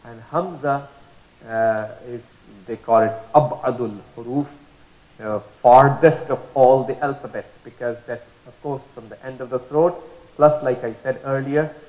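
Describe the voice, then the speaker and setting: A man's voice: medium pitch, fairly even intonation, unhurried, a little mellow. Patient male teacher in an echoey room. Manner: patient, repeats and drawls out letter sounds as demonstrations. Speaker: Quran recitation teacher. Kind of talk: explanatory lesson.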